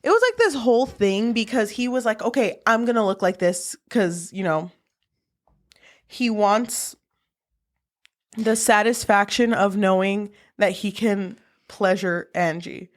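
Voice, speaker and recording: A woman's voice: mid-range voice, unhurried. A young woman co-hosting a podcast in casual book-discussion chat, retelling a plot with lots of laughs and casual swearing. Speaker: podcast co-host.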